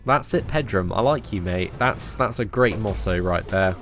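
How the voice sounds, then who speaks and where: A man's voice: on the low side, animated, moderate pace, fairly bright tone, a little hiss or hum. A young man, chatting cheekily with viewers on a late-night live stream, swearing casually and calling everyone mate.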